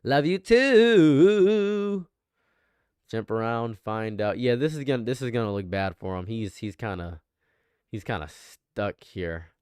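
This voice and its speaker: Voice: mid-range voice, steady tone, normal speed, clean tone, no echo, clean studio sound. A livestream commentator reacting live, ranting emphatically and repeating phrases for effect.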